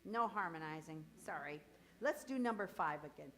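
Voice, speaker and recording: A middle-aged woman leading a choir rehearsal. She counts beats, sings cues to demonstrate, and coaches the singers briskly with encouragement. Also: on the low side, animated, fairly bright tone, rough recording. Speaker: choir director.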